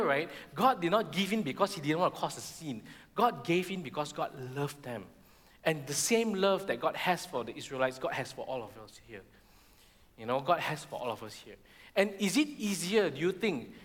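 Guy preaching, high bright voice, acts out voices, long echo of a big church hall. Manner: animated, acts out the Israelites' complaints in high voices. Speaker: pastor. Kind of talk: sermon.

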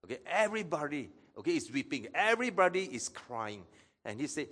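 A man's voice: mid-range voice, expressive, brisk, a bit bright, breathy edge. A man preaching a sermon as pastor, acting out Bible quotes and asking the audience questions.

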